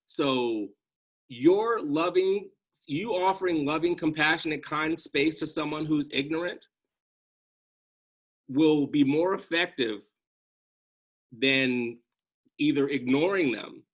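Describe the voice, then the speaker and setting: A man's voice: a little high, slow pace, long pauses. A man speaking earnestly as a guest on a video call, reflective and conversational, often checking in with "right?".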